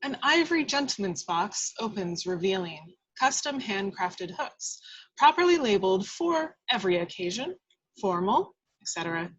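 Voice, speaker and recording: Woman narrator for a table read, mid-pitched, expressive, dry sound. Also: slightly rough, no echo, highs cut off. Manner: measured, expressive reading. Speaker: narrator reading action lines.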